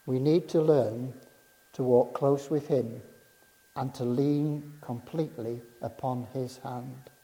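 A man delivers a sermon at a slow, deliberate pace, his voice deep and mellow in tone yet a little higher than most men's. He preaches with measured emphasis and lets his voice sink low and quiet on key phrases. The sound carries a long reverb from the hall around him. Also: steady tone.

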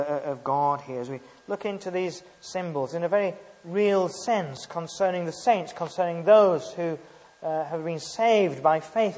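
A man preaching a sermon, emphatic and halting, often asking rhetorical tag questions. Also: sits high, in a large hall.

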